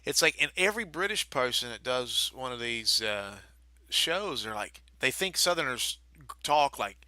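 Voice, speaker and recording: A man from Baltimore co-hosting a wrestling podcast, joking and teasing in animated casual banter. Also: mid-range voice, normal speed, dry recording.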